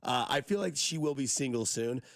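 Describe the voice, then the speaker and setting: A man's voice: medium pitch, animated, moderate pace, creaky, no room sound, studio quality. A man co-hosting a sports radio show, chatting in a wry, casual way and often trailing off mid-thought.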